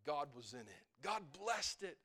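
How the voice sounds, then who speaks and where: A man's voice: fairly high pitch, very animated, normal speed, sharp tone. A middle-aged man preaching a fervent sermon, repeatedly calling out "Amen?" to his congregation.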